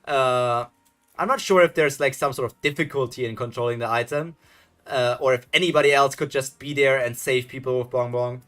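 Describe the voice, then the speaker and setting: Bright-voiced man musing aloud. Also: medium pitch, fairly quick. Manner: musing, hesitant, thinking aloud with fillers. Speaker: reaction video host. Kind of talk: casual live reaction commentary.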